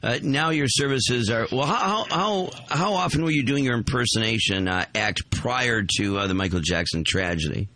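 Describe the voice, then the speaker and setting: A man's voice: medium pitch, expressive, moderate pace, few pauses, pushed and bright, dry recording. A man co-hosting a radio show, teasing a caller in playful banter. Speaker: radio co-host.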